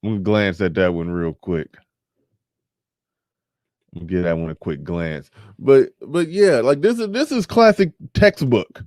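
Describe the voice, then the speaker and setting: A man's voice: fairly low pitch, expressive, unhurried, darkish tone, no room sound, clean studio sound. A man hosting a live show, commenting in a chatty, wry way and reading pages aloud. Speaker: podcast host.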